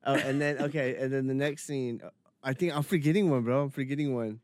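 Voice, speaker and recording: A man's voice: mid-range voice, fast, a little hiss or hum. A young man chatting casually with a friend, easygoing and calling him bro. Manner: relaxed, chatty, says bro and dude. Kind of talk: casual chat.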